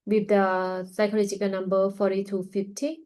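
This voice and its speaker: Woman hosting a trading webinar, tired and yawny, lots of ums and okays, mid-pitched voice, broken english, just thinking out loud over the charts. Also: level tone, normal speed, low-quality recording. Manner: loose non-native English grammar, many fillers; casual, thinking aloud while watching charts. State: tired, yawning. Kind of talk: live market analysis.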